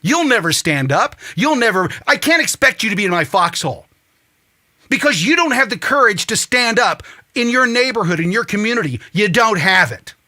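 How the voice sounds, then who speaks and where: Furious high-pitched man ranting. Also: very animated, normal speed. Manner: ranting, swearing, rising to shouts. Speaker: talk show host. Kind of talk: angry political monologue.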